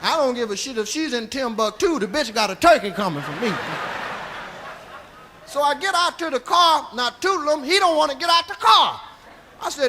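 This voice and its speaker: Male stand-up comic, very high and bright voice, profane rambling story, live stage with faint noise. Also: lively intonation, normal speed. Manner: profane, rambling tall tale with tag "see?"; drops to a hushed voice for quoted lines, rises to shouting at the climax. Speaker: stand-up comedian. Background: audience laughter.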